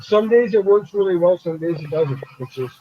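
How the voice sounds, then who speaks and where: A man's voice: high voice, expressive, normal speed, lo-fi sound, a crowd in the background. A man hosting a casual live-stream chat over a video call, talking bluntly, swearing and acting out the people he quotes. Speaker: show host.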